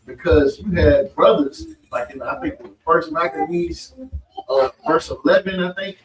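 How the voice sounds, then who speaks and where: A man with a high voice tells stories at a religious meeting in a blunt, profane, conversational way. He is recorded from across an echoey room. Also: very animated, measured pace. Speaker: speaker at a religious study meeting. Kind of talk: informal preaching and storytelling. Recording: echoey room, mic far off.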